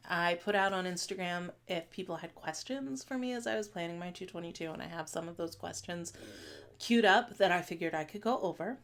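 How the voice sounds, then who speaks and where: A woman in her late thirties chatting casually to camera as a stitching vlogger, rambling with many fillers and restarts. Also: on the low side. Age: 30s. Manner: talks fast at times.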